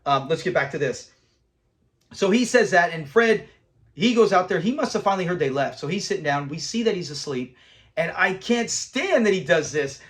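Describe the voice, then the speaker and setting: A man hosting a casual episode review, animated and acting out lines from scenes. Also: sits high, normal speed. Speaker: show host reviewing episodes.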